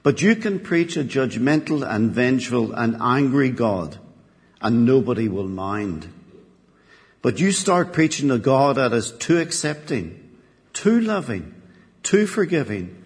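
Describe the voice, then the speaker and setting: Preacher in a reverberant church. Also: male voice, medium pitch, measured pace. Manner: animated storytelling, building repetition. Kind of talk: sermon with a joke.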